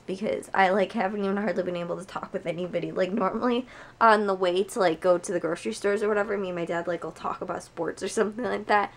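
A young woman vlogging casually at home, hoarse from a cold and chatting with lots of fillers. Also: medium pitch. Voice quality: gravelly. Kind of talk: casual chat to camera.

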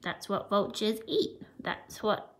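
A woman's voice: medium pitch, expressive, takes it slowly, a bit bright. Woman teacher musing aloud over a story. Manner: musing, thinking aloud with hmm. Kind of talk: reading a picture book aloud and modeling questions.

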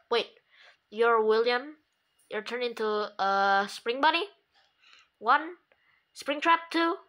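High, bright playful gamer woman. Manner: playful, excitable, makes sound effects. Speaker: gameplay commentator. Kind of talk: casual game commentary.

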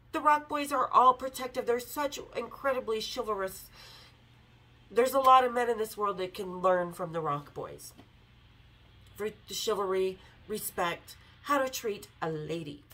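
A woman hosting a podcast, candidly telling a story with swearing and animated quoted lines. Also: on the high side, rough recording. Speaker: podcast host. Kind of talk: casual storytelling.

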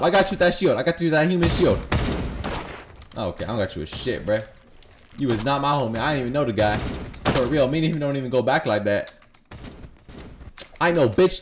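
A young man giving loud, profane, rapid-fire commentary over Roblox gameplay, trash-talking other players. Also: on the high side. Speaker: gaming YouTuber. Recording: noisy gameplay with gunfire behind.

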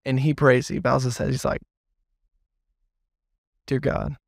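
Brief: pastor, male, animated anecdote-teller, podcast, dry sound. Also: medium pitch, unhurried, vocal fry, no echo. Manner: animated storyteller, lots of fillers. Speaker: children's pastor. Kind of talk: casual podcast chat.

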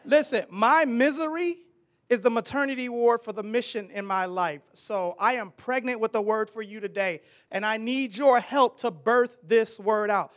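High-voiced man preaching with call-and-response. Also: moderate pace. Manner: call-and-response preaching, rising to loud declarations. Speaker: preacher and ministry leader. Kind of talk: sermon.

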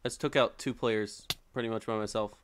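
A man's voice: fairly low pitch, fairly even intonation, fairly quick, background noise. A man commentating his own live game stream, taunting opponents and venting frustration at teammates. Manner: talks to opponents, frustrated outbursts.

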